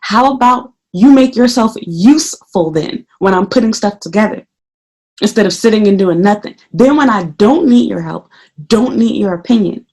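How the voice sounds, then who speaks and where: A woman's voice: mid-range voice, moderate pace, breathy edge. A woman who teaches English in Japan talks to the camera in a casual vlog. She curses freely and acts out her own remarks as she tells the story. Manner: profane, animated storytelling.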